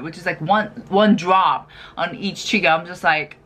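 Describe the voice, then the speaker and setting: A woman vlogger chatting casually about skincare products she has used up, animated and full of fillers. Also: medium pitch, measured pace. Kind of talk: casual product review chat.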